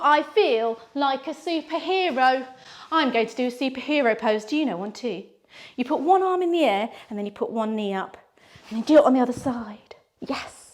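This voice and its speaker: A woman leads children through yoga like a storyteller. Her voice sits high and leaps about in lively swoops, with playful sound effects woven in. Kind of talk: guided kids' yoga story.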